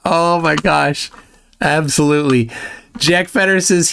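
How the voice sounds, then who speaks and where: A man hosts a live stream in a casual chat style, reading out viewer messages one after another. His voice swoops up and down with a lively, animated pitch. He drops mocking, lecturing remarks between the messages. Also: a little slow, a little hiss or hum. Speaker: livestream host.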